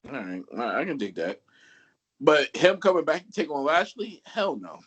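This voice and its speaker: Slightly high-voiced man teasing his co-hosts. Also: very animated, moderate pace, a bit bright, breathy edge. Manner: teasing, quizzes the others with questions. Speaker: podcast co-host. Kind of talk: casual wrestling chat.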